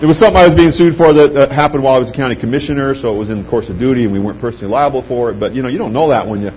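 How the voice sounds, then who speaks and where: A middle-aged man giving an anecdotal pitch speech to a live audience, telling lively stories and acting out quoted voices. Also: racing. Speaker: speaker addressing a sales audience. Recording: dull lo-fi recording with faint hum.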